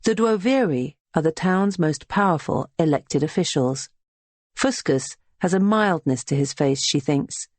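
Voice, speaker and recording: An audiobook narrator reading a historical novel in a steady, even storytelling style. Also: mid-range voice, measured pace, dry recording. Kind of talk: scripted narration.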